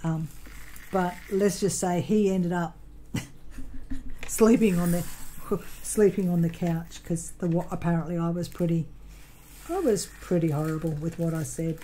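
Her voice is lowish, dark and steady, moving a little slowly with frequent pauses. While crafting at home, this Australian woman vlogs casually, meandering through a long personal story peppered with ums and self-corrections. The rough recording carries a little hiss or hum.

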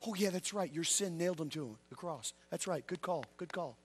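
A man preaching a revival sermon as an evangelist, calling out questions to the congregation and swinging between loud exclamations and low quiet asides. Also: expressive, brisk, slightly rough. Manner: call-and-response with the congregation. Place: church.

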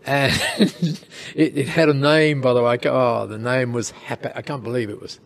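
A man telling a casual anecdote in an interview, lively, with chuckles and quick asides. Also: mid-range voice, creaky. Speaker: interview guest, storyteller.

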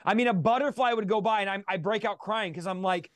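High-voiced man telling his story with passion. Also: fast talker, no echo. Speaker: guest. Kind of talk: livestream interview testimony.

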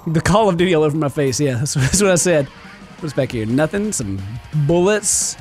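High, lively excitable gaming host man. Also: moderate pace, soft background music. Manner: excitable, yells at enemies, laughs often. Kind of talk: let's play commentary.

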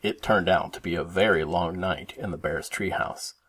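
A man reading a children's storybook aloud for his kids, expressive and animated. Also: low voice, normal speed, husky.

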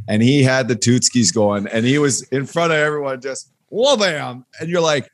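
A man's voice: mid-range voice, normal speed, few pauses. A man in his thirties co-hosting a sports podcast, talking with enthusiasm and stumbling over repeated words. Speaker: podcast co-host. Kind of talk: casual sports chat.

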